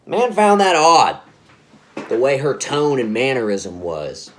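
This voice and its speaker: A man's voice: medium pitch, huge pitch swings, takes it slowly, a bit bright, slight background noise. Casual rambling male storyteller. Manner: casual, rambling, self-correcting. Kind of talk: spoken scary story narration.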